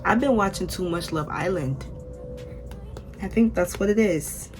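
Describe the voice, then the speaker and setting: A woman's voice: fairly low pitch, unhurried, over music. A young American woman chatting casually to her viewers while unboxing and fitting a wig. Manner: chatty, talks straight to viewers with "y'all". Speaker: vlogger.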